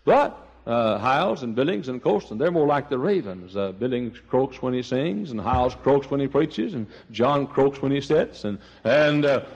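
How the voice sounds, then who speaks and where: A man's voice: mid-range voice, animated, moderate pace, a little mellow, breathy edge, long reverb tail. A man preaching a sermon, telling stories and acting out voices, with many restarts. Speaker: pastor. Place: church sanctuary.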